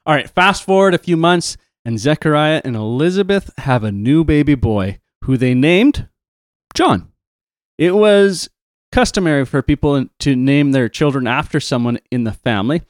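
A man retelling a Bible story, reading passages in a measured way with playful asides. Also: a little high, animated, no echo, clean studio sound.

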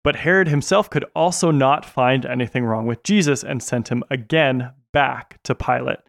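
A man co-presenting a Bible story, narrating events in a steady, plain manner. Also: mid-range voice, moderate pace, vocal fry, no room sound, studio quality. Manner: steady, narrating, brief affirmations.

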